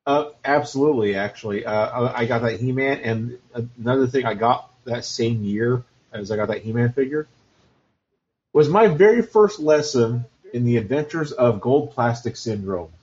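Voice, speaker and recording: A man's voice: medium pitch, animated, moderate pace, darkish tone. Man telling dry, joking stories. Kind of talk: casual chat about retro cartoons and toys. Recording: dull lo-fi sound.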